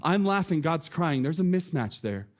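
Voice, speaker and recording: A man's voice: on the high side, sing-song, normal speed. A man preaching a sermon from a church stage, earnest and conversational, asking the congregation questions. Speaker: pastor.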